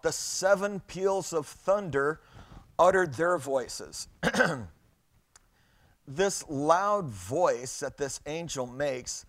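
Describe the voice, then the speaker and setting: A middle-aged man preaching a sermon, reading scripture aloud and telling stories in an animated way, often repeating his words. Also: a little high. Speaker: pastor.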